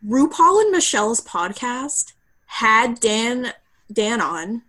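A woman co-hosting a podcast in casual chat, telling animated stories with playful low asides. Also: slow. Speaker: podcast co-host.

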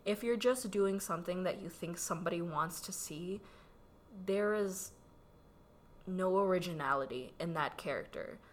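A woman's voice: fairly low pitch, normal speed. A woman from the Philippines with a slight Filipino accent, co-hosting a casual chat in a chatty, playful way and laughing easily. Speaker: podcast co-host.

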